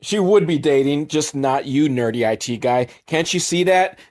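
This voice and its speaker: A man recapping a movie for comedy, sarcastic, jumping into quick put-on voices for the characters. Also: fairly high pitch, a little mellow.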